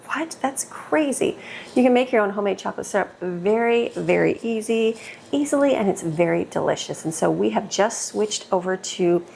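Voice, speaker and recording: A middle-aged woman, a homemaker vlogger, chats and rambles while cooking in her home kitchen, laughing often. Her voice is medium-pitched with vocal fry, picked up on a clip-on mic attached to her shirt with a little hiss or hum.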